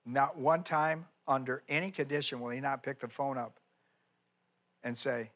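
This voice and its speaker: A man's voice: mid-range voice, moderate pace, fairly bright tone. A man preaching a sermon as pastor, folksy and emphatic, with chatty asides and repeated phrases. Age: older.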